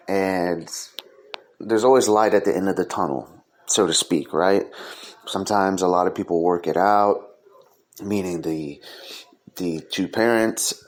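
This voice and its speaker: A man hosting his own podcast, talking earnestly in a loose, casual way with frequent "um" fillers. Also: deep voice. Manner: earnest, sincere delivery. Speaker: podcast host. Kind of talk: casual solo podcast monologue.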